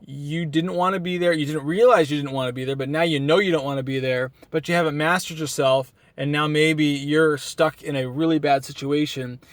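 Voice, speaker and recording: Earnest motivational man, slightly high voice. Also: steady tone, a little fast, few pauses, dry recording. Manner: earnest, self-hyping, rambling with restarts. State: tired from no sleep. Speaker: motivational vlogger. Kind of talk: casual motivational monologue. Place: outdoors at a beach town. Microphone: camera mic.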